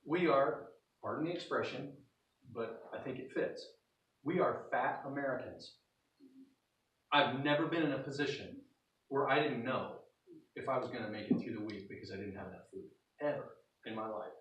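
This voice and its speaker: A man's voice: medium pitch, normal speed, long pauses, fairly bright tone. A pastor from North Idaho giving a sermon in a folksy storytelling way, acting out the scenes he describes. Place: church sanctuary. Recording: roomy hall, voice from a distance.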